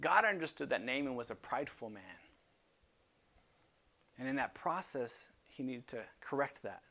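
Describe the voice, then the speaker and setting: A man preaching a sermon as pastor, impassioned and swinging from loud emphasis to hushed intensity, often repeating words as he restarts. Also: mid-range voice, expressive, normal speed, vocal fry.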